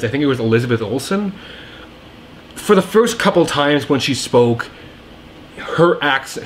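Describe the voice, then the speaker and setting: A man's voice: medium pitch, slight background noise. A young man giving a casual, rambling film review, enthusiastic and full of fillers and restarts. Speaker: movie reviewer.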